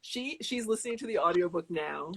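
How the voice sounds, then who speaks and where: A woman's voice: fairly low pitch, lively intonation, fairly quick, crowd noise, poor audio. A young adult woman chatting casually as an author guest, rambling with restarts and laughing often. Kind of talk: casual interview chat.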